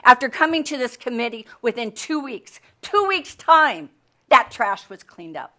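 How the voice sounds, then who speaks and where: An older woman speaks at a public comment in a council chamber. Her voice is high and bright, and she pleads angrily, repeating her questions. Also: sing-song, a little slow. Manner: angry, pleading, repeats herself.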